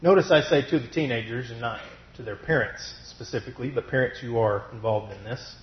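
A man preaching a sermon through a cough, slowing down to stress his points, at a pulpit mic in a church. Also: mid-range voice, slight background noise. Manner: measured, deliberate delivery with slowed emphasis. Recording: roomy, dull lo-fi sound.

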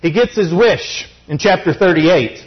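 A male preacher with a high, very animated voice delivers a sermon, leaning on rhetorical questions as he teaches. The recording sounds dull and lo-fi. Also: unhurried.

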